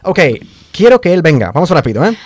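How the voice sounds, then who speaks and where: A man's voice: on the high side, sing-song, racing, a little mellow, no room sound, clean studio sound. A man teaching English grammar, correcting and drilling pronunciation in a lesson.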